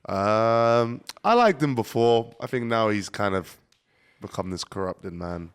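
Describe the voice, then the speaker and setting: A man's voice: on the low side, unhurried, clean tone. A man chatting casually as a podcast guest, swearing freely and calling people "bro" and "man" as he tells stories. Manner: swears freely, says "bro" and "man", lively when telling a story. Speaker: podcast guest, jiu-jitsu competitor. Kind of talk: casual chat, storytelling.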